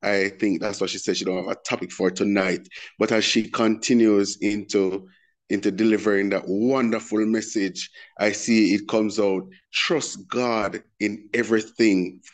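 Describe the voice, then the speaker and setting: A man with a fairly low voice speaks slowly and earnestly at a prayer meeting. He repeats his phrases to stress what he means. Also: little pitch movement. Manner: slow, earnest, repeats himself. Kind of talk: spoken testimony.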